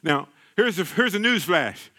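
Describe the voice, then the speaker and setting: A man's voice: high voice, big pitch swings, unhurried, sharp tone. A man preaching a sermon, repeating phrases, calling out to the congregation and exclaiming.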